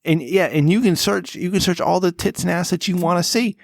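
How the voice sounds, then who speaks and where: A man's voice: sits high, fairly quick, gravelly. A man co-hosting a casual podcast, tipsy from drinking, rambling and swearing with many restarts. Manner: rambling, profane, restarts often. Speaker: podcast co-host.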